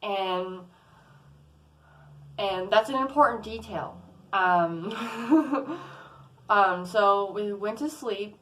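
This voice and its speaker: A woman's voice: medium pitch, very slow, pauses often, a bit bright, low-quality recording. A young adult woman vlogging, telling a personal story in a casual, rambling way, with many fillers and restarts. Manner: rambling, lots of "like" and "um", restarts often.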